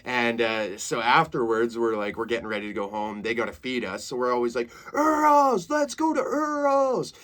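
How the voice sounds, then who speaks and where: A man in his thirties from Saskatchewan hosts a comedy podcast. He tells stories in a casual, animated way, laughs at his own jokes and swears freely. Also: on the low side, brisk, few pauses. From Saskatchewan, Canada. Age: 30s.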